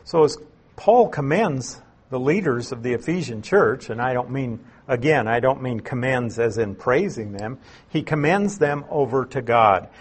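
A man gives an expository Bible lesson at a slow, deliberate pace. His voice is a little husky, and he stops to explain terms and repeat the point so it lands. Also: medium pitch, lively intonation. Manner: unhurried, explains terms and repeats key phrases. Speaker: Bible teacher.

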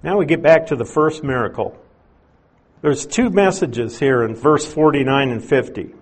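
Guy preaching a sermon, kinda husky voice, explaining verses in a chatty easygoing way. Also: mid-range voice, moderate pace. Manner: explains verses plainly, conversational asides. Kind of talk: expository sermon.

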